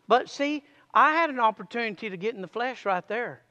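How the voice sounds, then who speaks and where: A man preaching a sermon to a congregation, calling for amens and reading scripture aloud slowly. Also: high voice, expressive, creaky, bright, forceful tone, long reverb tail. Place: church sanctuary.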